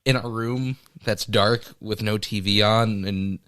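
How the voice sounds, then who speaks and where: A man's voice: fairly low pitch, a little slow, background noise. A young man co-hosting a podcast, chatting casually and acting out quotes as he tells a story. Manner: animated storyteller, acts out quotes. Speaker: podcast co-host. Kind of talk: casual chat.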